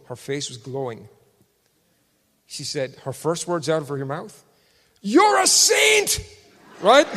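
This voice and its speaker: A man preaching a testimony sermon, swinging between loud shouted proclamations and hushed storytelling. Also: mid-range voice. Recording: long hall reverb.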